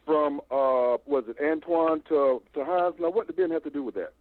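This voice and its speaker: An older man calling in by phone to a fan show, talking in a long, animated, stammering rant. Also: fairly high pitch, moderate pace. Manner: animated, repeats himself, stammering restarts. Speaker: phone-in caller. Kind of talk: rambling call-in rant. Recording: tinny phone line, dry.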